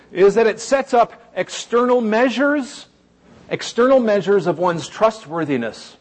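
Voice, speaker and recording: A man delivering a sermon with a relaxed, conversational tone and a streak of dry, wry humor. His voice sits a little higher than most men's. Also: breathy edge. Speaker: pastor.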